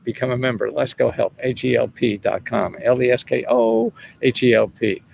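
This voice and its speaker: A man in his seventies talks in an easygoing, rambling way, often chuckling and starting his sentences over. His voice is gravelly at a medium pitch. Faint background noise sits under it. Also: fairly even intonation, moderate pace, a little mellow, lo-fi sound. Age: 70s. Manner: rambling and chuckling, with frequent restarts and swearing. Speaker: host answering viewers' questions about government money. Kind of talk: casual livestream chat.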